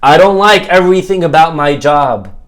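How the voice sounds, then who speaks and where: A man with a fairly high voice, telling a parable with lively, joking energy. He speaks as a rabbi giving a Torah lesson, loosely and conversationally. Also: normal speed. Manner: animated, jokey storyteller. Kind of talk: storytelling Torah talk.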